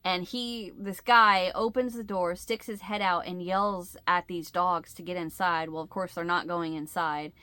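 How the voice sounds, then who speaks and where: A woman's voice: on the low side, steady tone, measured pace, hardly any pauses, sharp tone, clean tone, dry recording. A middle-aged woman hosting a crochet channel, chatting casually to her viewers and telling a rambling story, often losing her words and restarting.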